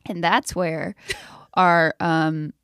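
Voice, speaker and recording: A woman's voice: fairly low pitch, drawn-out words, clear, resonant tone, no echo, studio quality. A young woman from South Carolina, co-hosting a podcast and telling stories in a casual, laughing way. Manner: laughing, animated storytelling. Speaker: podcast co-host. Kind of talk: casual chat.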